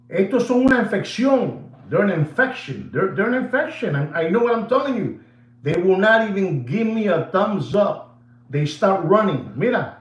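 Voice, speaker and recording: A man's voice: sits high, moderate pace, reverberant, rough recording. A man hosting a watch channel, ranting casually to his viewers, repeating himself and dropping into Spanish phrases. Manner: animated, repetitive, switches into Spanish phrases. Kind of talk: casual rant to camera.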